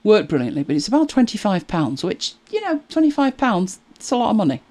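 A middle-aged woman chatting to camera as a video creator, animated and exasperated, laughing at herself. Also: mid-range voice, a little fast. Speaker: YouTube creator. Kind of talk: casual chat to camera.

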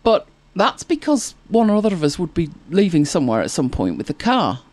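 Fairly quick and very animated, a woman with a lowish, darkish voice hosts a casual chat-show podcast. She laughs often as she tells anecdotes and reads out viewer comments, and there is no echo.

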